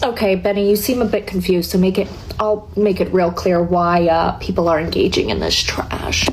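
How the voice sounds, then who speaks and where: A woman reading her prepared statement to camera in a measured, firm way. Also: lowish voice, lively intonation, background noise. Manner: measured, firm, then heated.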